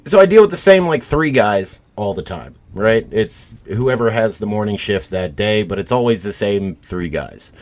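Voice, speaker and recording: A man's voice: lowish voice, animated, normal speed, hardly any pauses. A middle-aged man co-hosting a comedy podcast, telling a crude, profanity-laced story in casual chat. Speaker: podcast co-host.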